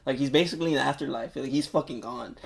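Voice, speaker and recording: This man co-hosts a podcast and gushes through a movie's storyline in a casual, wandering way, heavy on fillers and profanity. His mid-range voice moves fast and has a creaky texture.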